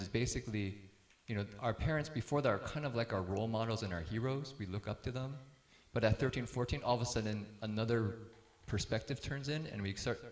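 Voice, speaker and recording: A man's voice: fairly low pitch, a little mellow, reverberant. A middle-aged man speaking casually to a group about parenting, telling stories and laughing easily as he acts out quotes.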